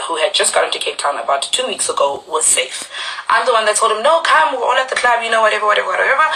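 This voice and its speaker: Woman, bright clear voice, lower pitch, animated storytelling, faint background noise. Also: rough recording. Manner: animated storytelling, acts out quotes with sharp jumps in pitch. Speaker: reality show cast member on a live stream. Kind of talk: recounting a conflict on a live stream.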